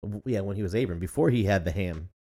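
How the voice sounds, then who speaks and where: Fast-talking and low-voiced, a man in his 30s co-hosts a podcast, keeping the casual banter animated and playful while laughing a lot.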